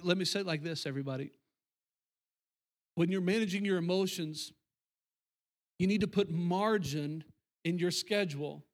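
A middle-aged man preaching a sermon to his congregation, talking conversationally and repeating phrases for emphasis. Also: high-pitched. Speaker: pastor. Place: church sanctuary.

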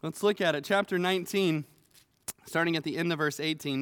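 A male pastor delivering a sermon in a high, clear, resonant voice. His storytelling is earnest and animated, with now and then a stammered restart, and his words ring out in a hall with a long reverb. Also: fairly quick.

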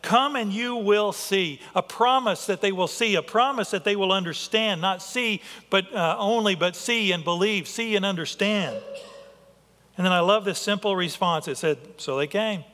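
A man's voice: high-pitched, moderate pace, bright, forceful tone. A man preaching a sermon as a pastor, earnest in manner, often restarting his sentences as he thinks aloud. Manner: earnest, with frequent restarts and filler. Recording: reverberant hall.

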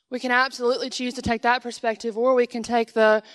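A woman's voice: on the high side, fairly even intonation, fairly quick, no room sound. A young woman giving a conversational sermon as a guest speaker in church, acting out little dialogues with God. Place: church sanctuary.

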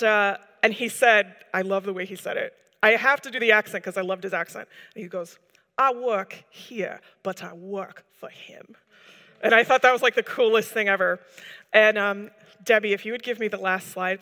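A woman's voice: fairly high pitch, pushed and bright, in a large hall. A woman giving a personal testimony to a gathering, telling her story earnestly and rambling with many fillers. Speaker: church member giving a testimony.

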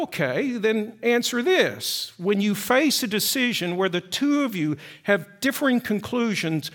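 A man's voice: high voice, fairly bright tone. A male pastor preaching a sermon, emphatic, asking the congregation rhetorical questions and dropping to near-whispers on key phrases.

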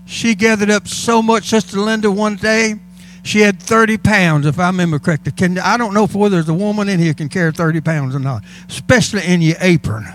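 A man's voice: high-pitched, brisk, a little hiss or hum. A male pastor preaching a sermon in a church, fervent and calling out to the congregation. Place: church sanctuary.

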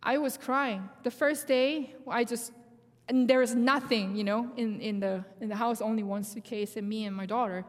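A woman with a Korean accent tells her faith testimony in English, which is not her first language, pausing and restarting often. Her voice sits on the higher side. It rings with the long reverb of a large hall. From South Korea. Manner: halting, restarts often, laughs through her story. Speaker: guest speaker sharing testimony.

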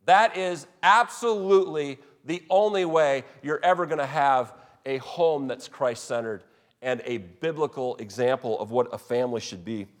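A man's voice: mid-range voice, normal speed. A man preaching a sermon as pastor, earnest and emphatic, often restarting his phrases. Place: church sanctuary. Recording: long hall reverb.

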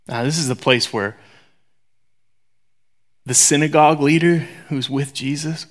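Animated man preaching a sermon. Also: fairly high pitch, measured pace, long pauses. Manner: animated, swings from loud to hushed whispers; conversational, joking, acts out voices.

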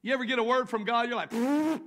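A pastor with a Southern US accent preaching a sermon to his church, swinging from quiet asides to drawn-out shouted declarations. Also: very high voice, fairly even intonation. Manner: builds to shouting, drawn-out emphatic lines. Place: church sanctuary.

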